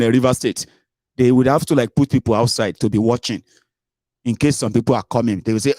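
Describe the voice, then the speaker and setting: A man's voice: mid-range voice, a little fast, darkish tone, no room sound, clean studio sound. A man hosting a casual political commentary show, chatty and sarcastic, slipping into Pidgin.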